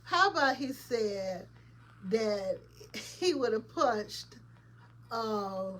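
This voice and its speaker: A woman's voice: a little high, animated, drawn-out words, a bit bright. A woman hosting a casual commentary vlog, chatty and opinionated, talking straight to her viewers with colloquial emphasis. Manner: chatty, opinionated, laughs often, addresses viewers directly. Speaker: host.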